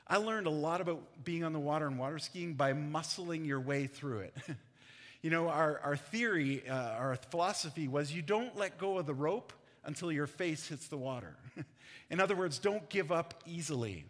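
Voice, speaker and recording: A man's voice: on the high side, fairly bright tone. A man preaching a conversational sermon as pastor, laughing often between his points. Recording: long hall reverb.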